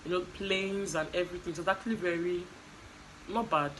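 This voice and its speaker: A woman's voice: on the low side, steady tone, fairly quick, fairly bright tone, a little hiss or hum, poor audio. A woman casually recapping a reality show, chatty, with fillers and quoted asides.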